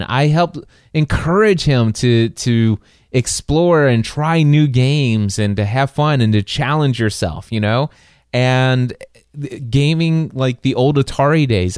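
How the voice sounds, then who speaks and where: A man in his forties hosts a podcast in easygoing, rambling talk and laughs at himself along the way. His voice sits at an ordinary middle pitch. It is recorded dry and close, with no room sound. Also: darkish tone, clean tone, no room sound. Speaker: podcast host. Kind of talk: casual chat.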